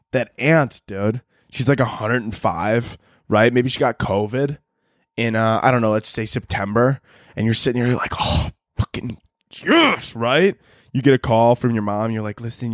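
A man's voice: a little high, no echo, studio quality. A young man hosting a podcast, delivering a crude, rambling comedic monologue and laughing at his own jokes. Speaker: podcast host.

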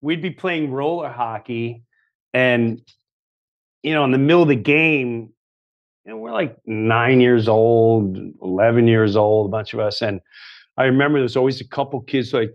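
A man's voice: mid-range voice, normal speed, lo-fi sound. A middle-aged man, a guest comedian, telling stories in casual chat, swearing and acting out voices of the people in them. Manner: animated, swears, acts out quoted voices.

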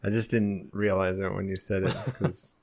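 A man's voice: sits low, little pitch movement, normal speed, a little mellow. A man co-hosting a podcast, chatting about games and teasing with laughs. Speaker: podcast co-host. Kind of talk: casual chat.

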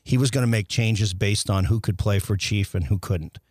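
A man's voice: fairly low pitch, normal speed, a little mellow, dry recording, studio quality. A middle-aged man, a former hockey player, telling long stories in a casual chat, restarting sentences often and acting out dialogue. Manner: rambling with many restarts, acts out quoted dialogue.

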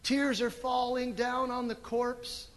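A middle-aged man preaching a sermon as pastor, animated and emphatic, with sudden loud swells. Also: very high-pitched, slow pace, in a large hall. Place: church sanctuary.

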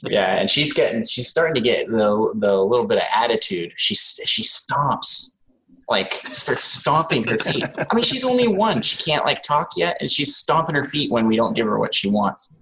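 A man in his thirties, a father, co-hosting a podcast with slow, easygoing, wry chat. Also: mid-range voice, big pitch swings, bright, forceful tone, rough recording. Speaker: podcast co-host. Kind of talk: casual chat.

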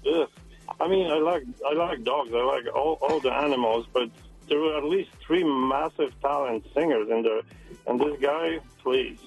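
A man's voice: mid-range voice, normal speed, creaky, faint music behind. A man calling a radio show and grumbling about a contest result. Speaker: caller. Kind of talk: phone call to radio show. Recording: dull lo-fi phone audio.

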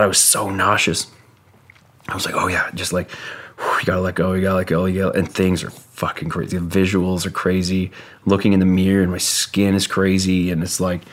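Brief: man with a very low voice, casual guest storyteller, rambling and halting, swears freely.

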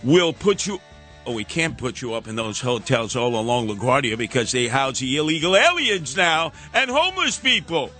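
A man's voice: mid-range voice, animated, moderate pace, bright, forceful tone, faint music behind. A man hosting a talk radio show, ranting sarcastically with mocking sing-song asides.

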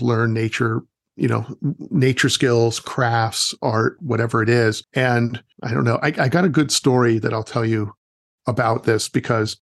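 A man who works as a wilderness educator, telling stories in a relaxed, chatty way during an interview and acting out the people he quotes. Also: medium pitch, creaky, dry recording, studio quality. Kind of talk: casual interview storytelling.

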